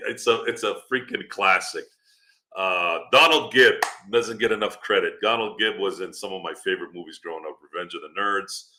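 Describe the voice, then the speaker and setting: Deep-voiced, bright rambling male host. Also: normal speed. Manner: rambling, teasing, joking with chat. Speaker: podcast host. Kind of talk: casual live-stream chat.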